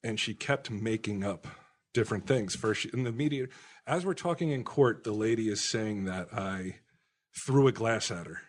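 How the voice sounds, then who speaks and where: Low-voiced man telling a rowdy story. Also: normal speed. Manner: animated, profane storyteller. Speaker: podcast co-host. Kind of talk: casual storytelling chat.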